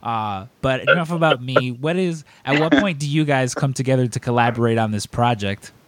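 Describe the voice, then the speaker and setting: A man's voice: medium pitch, normal speed, no room sound. Chatty man telling a story. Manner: animated, acts out quoted voices. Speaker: podcast host. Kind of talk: casual storytelling chat.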